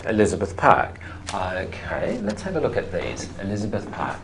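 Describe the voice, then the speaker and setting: A teacher whose pitch rises and falls in a lively, animated way while sounding words out slowly and deliberately. Short questions check whether the class has understood. A faint hiss of noise runs underneath. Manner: slow, deliberate modelling of word stress. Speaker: English language teacher. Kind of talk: classroom teaching with explanatory voice-over.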